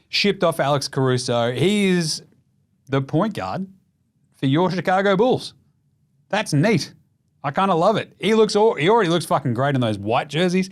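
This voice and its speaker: Aussie male podcast host, animated pitch, slightly high voice, foul-mouthed and jokey. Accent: Australian. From Australia. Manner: animated, profane, jokey, bursts into shouts. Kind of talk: casual sweary basketball chat.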